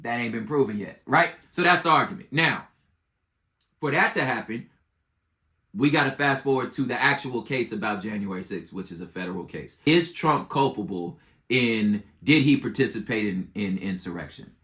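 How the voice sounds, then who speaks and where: Bright-voiced, slangy man explaining politics. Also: mid-range voice, moderate pace. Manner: slangy, animated storytelling, acting out both sides. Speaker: podcast host. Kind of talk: casual political commentary.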